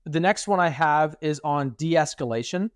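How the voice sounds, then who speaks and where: A young man co-hosting a podcast in casual chat, animated and acting out quoted speech. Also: fairly high pitch, normal speed, no room sound, clean studio sound. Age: young adult. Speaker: podcast co-host.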